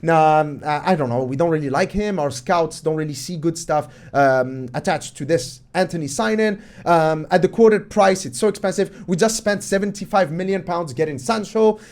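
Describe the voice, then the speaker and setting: A man's voice: fairly high pitch, normal speed, few pauses, darkish tone, pitched below the performer's own voice, close to an everyday voice. A man putting on the voice of hesitant club board executives doubting a signing, with hesitant fillers. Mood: doubtful.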